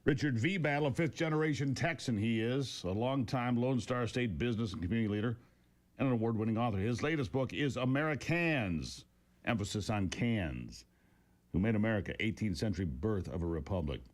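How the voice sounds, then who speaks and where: A man hosting a talk radio show, introducing his guest and pushing him with brisk questions. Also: fairly low pitch. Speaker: host.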